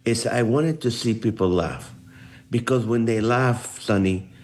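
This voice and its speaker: A middle-aged man from the Holy Land, a comedian guest telling personal stories with animated swings in his voice, acting out the people he quotes. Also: measured pace. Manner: acts out voices with big pitch swings.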